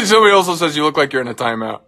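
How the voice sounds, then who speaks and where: A man hosts a phone-filmed livestream in a bright, sharp voice, teasing his guest and reading viewer comments aloud. His pitch bounces around freely as he jokes. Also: very animated, racing. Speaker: livestream host. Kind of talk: casual livestream chat. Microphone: holding a phone camera.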